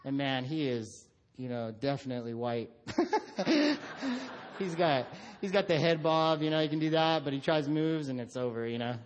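A man's voice: normal speed, lo-fi sound. A middle-aged man preaching a sermon, telling stories about his son and acting out voices. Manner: animated storytelling, acts out his son in a high voice. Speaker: pastor.

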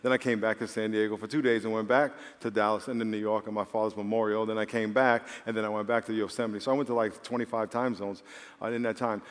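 In a large church hall with long reverb, a pastor preaches to his congregation, telling stories and rising to emphatic points. His voice is lowish and fast, with little pitch movement.

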